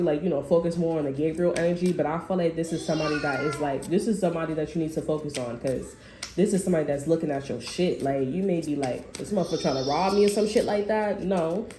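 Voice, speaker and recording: A woman's voice: fairly low pitch, warm tone. A woman doing a casual tarot reading to camera, talking bluntly and with plenty of swearing and fillers. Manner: blunt and profane, lots of fillers. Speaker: tarot reader. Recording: roomy echo, faint background noise.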